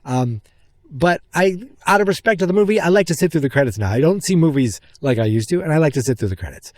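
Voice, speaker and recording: A man hosting a podcast, excitedly retelling a film's scenes in a rambling, casual way. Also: fairly high pitch, quick pace, no room sound. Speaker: podcast host. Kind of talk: casual movie recap.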